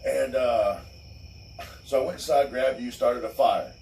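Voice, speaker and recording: A man casually telling a long, profane story, laughing and mimicking people in higher voices. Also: measured pace, a little mellow, distant mic. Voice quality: gravelly, swears constantly. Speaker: podcast host. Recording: echoey room, off-mic, faint noise.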